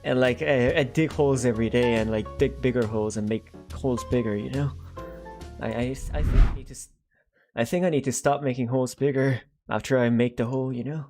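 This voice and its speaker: A man's voice: mid-range voice, steady tone, a little fast, darkish tone, soft background music. A young man chatting casually on a live art stream, rambling and self-deprecating and reading out viewers' chat.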